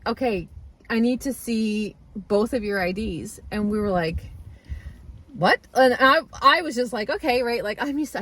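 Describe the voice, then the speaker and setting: A woman in her thirties with a slightly high voice tells a story to her camera in a relaxed, chatty vlog. She talks animatedly and laughs often through her retelling. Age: 30s. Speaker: vlogger. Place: at home, moving around a room.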